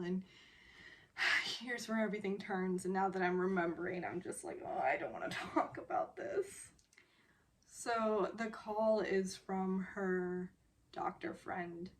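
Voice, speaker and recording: Slow, giggly woman recapping a drama. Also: medium pitch. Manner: giggly, retells scenes by quoting characters. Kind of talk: casual recap monologue.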